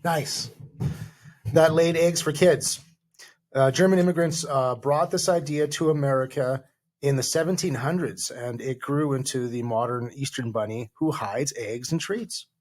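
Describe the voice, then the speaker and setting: Brief: male podcast co-host, casual chat, halting delivery full of fillers. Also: mid-range voice, darkish tone. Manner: reads facts aloud haltingly, with many fillers.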